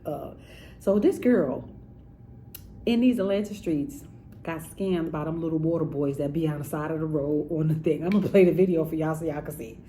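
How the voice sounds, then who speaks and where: A woman's voice: low voice, moderate pace, warm tone, a little hiss or hum, rough recording. A woman giving casual, sassy commentary straight to her viewers. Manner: chatty, sassy, addresses viewers directly. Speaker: commentary vlogger.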